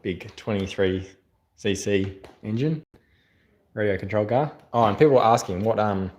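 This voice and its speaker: A man's voice: lowish voice, normal speed, darkish tone. A man with an Australian accent, chatting casually on a livestream, rambling with lots of fillers and reading out viewer comments. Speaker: channel host doing a livestream. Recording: echoey room.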